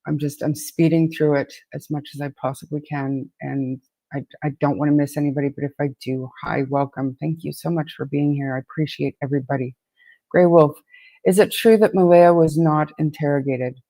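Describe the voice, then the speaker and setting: A woman's voice: sits low, darkish tone, no echo. A woman from Atlantic Canada hosts a true crime stream. She has a sore, swollen throat and chats casually, greeting viewers in a rush with many restarts. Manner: chatty, rapid greetings, frequent restarts. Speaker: true crime podcast host. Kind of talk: casual livestream chat with viewers.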